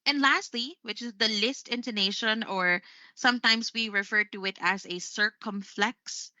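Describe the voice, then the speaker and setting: A woman's voice: fairly high pitch, moderate pace, bright, forceful tone, no echo, dull audio. A Filipino woman hosting a live English lesson, chatty, tagging "right?" onto most of her points. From Philippines.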